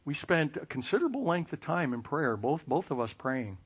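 A man telling a personal story with self-mocking humor, lively sound effects and playful asides. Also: fairly high pitch, normal speed, breathy edge. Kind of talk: personal anecdote.

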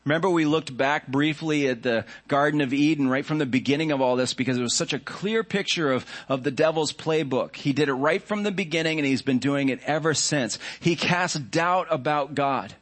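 A man preaching a sermon as a pastor, earnest and reflective, with measured phrasing. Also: a little high.

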